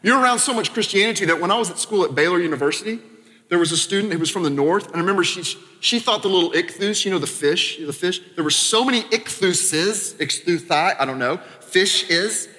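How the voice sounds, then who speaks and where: A man from Arkansas preaches a sermon in a church sanctuary, his voice bright and a little high. He talks conversationally, tossing in quick asides and then dropping suddenly quiet. Long reverb from the hall trails every phrase. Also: lively intonation. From Arkansas, American South. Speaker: pastor.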